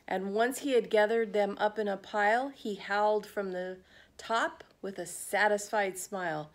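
Slow, gentle woman reading a picture book. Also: medium pitch. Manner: gentle, asks the listener questions. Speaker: family therapist. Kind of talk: children's picture book read-aloud.

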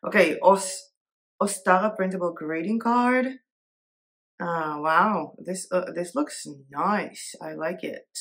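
A woman's voice: fairly low pitch, takes it slowly, fairly bright tone. A woman vlogger chatting casually as she browses shops on screen, thinking aloud and giggling easily. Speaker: Etsy seller and art vlogger. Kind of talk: casual screen-share commentary.

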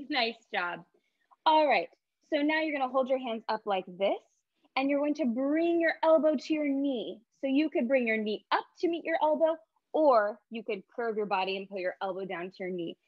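A cheerful woman guides a movement warm-up for kids in a sing-song voice. Her voice sits fairly high. The sound is dry and a little lo-fi. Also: lively intonation, moderate pace, dry recording. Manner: upbeat, sing-song, leads call-and-response with voices. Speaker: teaching artist.

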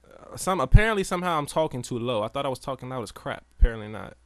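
Here a gameplay streamer riffs casually, addressing his viewers in chat and the game's characters alike. The delivery is racing and expressive, his medium-pitched voice slightly bright, and the sound is echo-free.

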